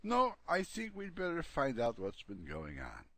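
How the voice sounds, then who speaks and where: A man's voice: medium pitch, wildly swooping pitch, measured pace, sharp tone, no echo, pitched above the performer's own voice, full character voice. A man doing a breezy, unflappable old man. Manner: breezy, matter-of-fact.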